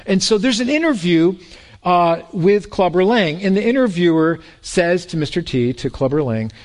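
A man preaching a sermon in a lively way, with joking asides and repeated words. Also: high-pitched, normal speed. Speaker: pastor.

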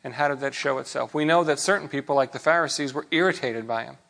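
A man preaching a sermon in a relaxed, conversational way, with rhetorical questions and frequent restarts. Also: medium pitch, fast talker, gravelly. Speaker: pastor.

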